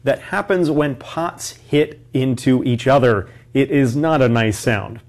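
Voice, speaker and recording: A man teacher slowly explaining story words for English learners, with light jokes. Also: medium pitch, a little mellow.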